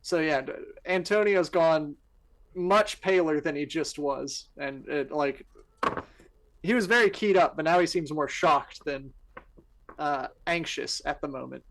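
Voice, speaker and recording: A man playing a character in a tabletop game, talking in a hesitant, halting way. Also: a little high, a bit bright, poor audio. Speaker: player.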